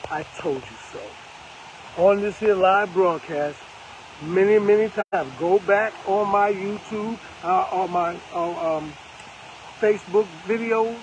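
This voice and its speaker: Hosting a live-stream, this older man offers casual commentary in an emphatic, preachy tone, repeating phrases to drive them home. His voice sits high and moves a little slowly. The audio is poor, with a bit of hiss or hum.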